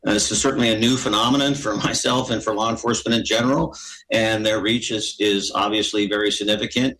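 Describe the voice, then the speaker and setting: A male police chief giving a measured, bureaucratic statement. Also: on the low side, a bit bright, poor audio. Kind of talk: official press statement. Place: archive clip.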